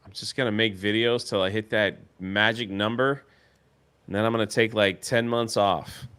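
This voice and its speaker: A man's voice: on the low side, fairly even intonation, moderate pace, fairly bright tone, smooth. A man co-hosting a casual chat show, rambling loosely, trailing off and laughing as he talks. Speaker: co-host.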